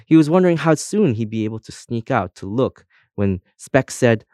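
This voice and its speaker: A man narrating a children's storybook in a steady, scripted reading. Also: mid-range voice, normal speed, few pauses, dry recording, clean studio sound. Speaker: audiobook narrator.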